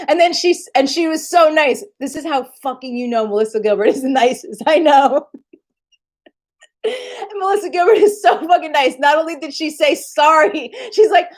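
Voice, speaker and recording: Live-streaming in a relaxed chat, a woman with a high-pitched voice speaks at a moderate pace. Her stories wander in an animated way, full of profanity and frequent laughter.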